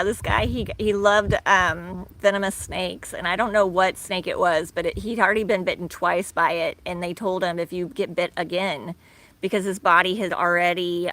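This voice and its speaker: A woman in her thirties hosts a live stream from her backyard, chatting casually about life as a tortoise owner while laughing often and leaning on fillers. Her voice sits lowish with a fairly bright tone. Although she is outdoors, there is no room sound.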